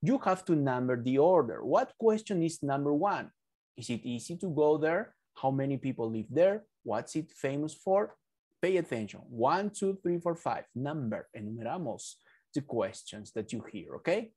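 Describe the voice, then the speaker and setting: Patient male English teacher, lively pitch. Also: moderate pace, slightly rough. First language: Spanish. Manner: explains patiently, mixes in Spanish, corrects himself. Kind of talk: classroom lesson explanation.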